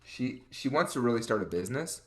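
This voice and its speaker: Young male co-host, chatty and animated, middling pitch. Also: brisk. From Colorado. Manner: animated storyteller, acts out quotes. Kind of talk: casual chat.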